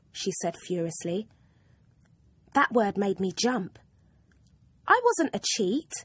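A woman reading a storybook aloud in first person, expressive and measured. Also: medium pitch, slightly rough, no echo. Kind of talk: storybook narration.

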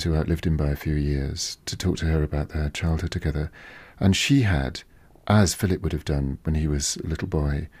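A man with a very low, husky voice speaks as a biographer, musing and thinking aloud with small restarts. The sound is close and dry. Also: darkish tone, no room sound. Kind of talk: interview commentary.

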